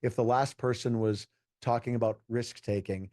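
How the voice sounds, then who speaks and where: A man's voice: mid-range voice, steady tone, normal speed, darkish tone, no room sound, studio quality. A man telling stories animatedly as a podcast guest, acting out quoted voices. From United States. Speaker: podcast guest, juggler and speaker. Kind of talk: storytelling interview answer. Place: podcast recording.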